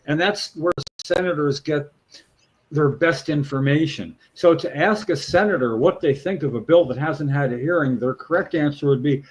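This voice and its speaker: A man's voice: a little high, normal speed, muffled recording. A man, a show co-host, talking casually about politics, outraged and emphatic, swearing freely. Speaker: podcast co-host, patient rights advocate. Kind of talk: heated casual political talk.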